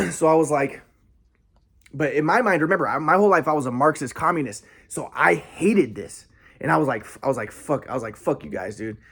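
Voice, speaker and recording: A man's voice: a little high, animated, a little fast, creaky, fairly bright tone, breathy edge. A young man telling a rambling personal story in a casual monologue, with many restarts and quoted asides.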